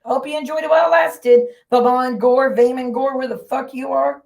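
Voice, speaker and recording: A woman's voice: high voice, fairly even intonation, moderate pace, vocal fry, darkish tone. Angry, swearing woman ranting on stream. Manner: heated, profane, confrontational. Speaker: livestream host. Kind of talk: angry livestream rant.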